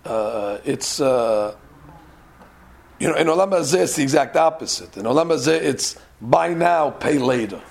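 A man giving a lively, conversational Torah lecture, acting out quoted voices and slipping in Hebrew phrases. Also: mid-range voice, moderate pace, gravelly. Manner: animated, conversational, acts out quotes, mixes in Hebrew. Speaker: rabbi giving a Torah class.

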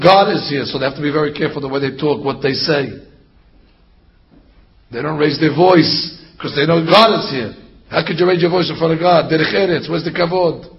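A man with a fairly high voice leads a rabbi's sermon. He talks in an animated way and mocks his listeners with rhetorical questions. The recording is dull and lo-fi. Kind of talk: Torah class sermon. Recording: dull lo-fi sound.

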